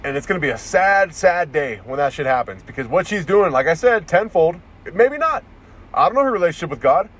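A man ranting straight to camera, swearing freely and rambling from one grievance to the next. His voice sits a little high for a man, and he keeps tripping over restarts. It sounds like a loose vlog recorded in a vehicle. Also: big pitch swings, brisk, a bit bright, slightly rough. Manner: profane, rambling, restarts often. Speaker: vlogger. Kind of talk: casual ranting monologue.

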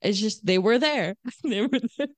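A woman's voice: a little high, expressive, moderate pace, no room sound. A woman co-hosting a film podcast, chatting casually and hedging with "like". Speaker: podcast co-host. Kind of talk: casual chat.

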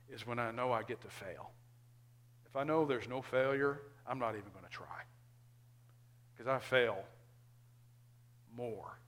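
A male pastor, preaching a sermon earnestly and emphatically, now and then dropping to quiet asides. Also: mid-range voice.

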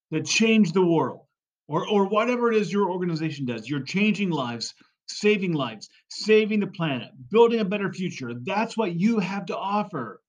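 A man giving a fundraising coaching talk, emphatic and repetitive, often checking in with "right?" and "okay?". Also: sits high. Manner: emphatic, repeats key phrases, frequent "right?" and "okay?". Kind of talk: podcast monologue.

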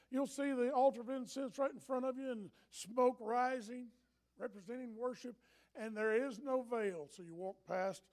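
A man preaching a sermon in an animated, impassioned way, often breaking into shouts. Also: very high-pitched.

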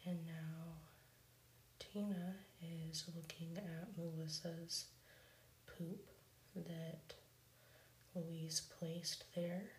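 A woman softly whispering an ASMR retelling of a cartoon episode, slow and even. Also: sits low, roomy sound, a little hiss or hum, rough recording. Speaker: ASMR storyteller.

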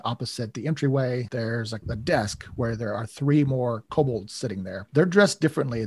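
Casting: husky-voiced man, casual game master narration, loose and rambling. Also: mid-range voice, no echo. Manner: relaxed, rambling, many fillers.

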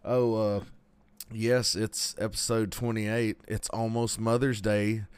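A man's voice: on the low side, level tone, slow pace, a little mellow, smooth. A man hosting a podcast, chatting casually and joking with frequent laughs. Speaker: podcast host. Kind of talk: casual chat.

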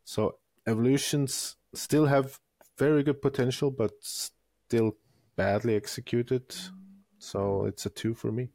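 A man's voice: medium pitch, fairly even intonation, a little slow, vocal fry, a little mellow, no room sound. A man co-hosting a casual podcast chat, talking hesitantly and searching for his words. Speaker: podcast co-host.

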